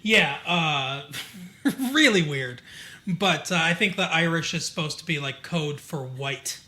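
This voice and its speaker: A man with a fairly high, bright voice chatting loosely as a podcast co-host. He rambles with lots of fillers and slips into the characters' lines as he retells scenes. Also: animated, measured pace. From Michigan. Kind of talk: casual chat about a TV show.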